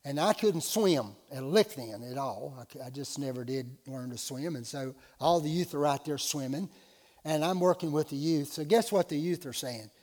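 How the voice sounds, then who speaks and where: A male pastor with a notably high voice delivers a sermon, moving from relaxed storytelling to loud, driving emphasis. His words ring out with a long reverb tail, as if from a church sanctuary. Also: normal speed.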